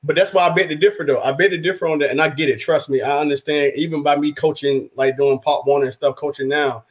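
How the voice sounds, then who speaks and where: A man's voice: on the high side, fast talker. A man co-hosting a casual sports talk show, rambling and acting out quotes as he goes. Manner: rambling, animated, acts out quotes. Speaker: podcast co-host, rival team's fan.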